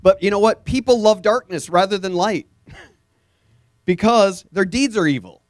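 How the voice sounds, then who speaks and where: A man's voice: high-pitched, normal speed, no room sound. Earnest man preaching a sermon, dry sound. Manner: earnest, animated storytelling with sudden bursts of energy. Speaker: pastor.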